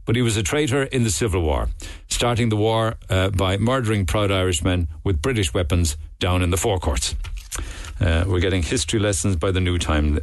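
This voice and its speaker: Cork radio host guy reading out texts, chatty and amused, lowish voice, dry studio sound. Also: fairly quick, dry recording. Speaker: radio talk show host. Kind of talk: reading listener texts on a call-in show. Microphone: studio mic.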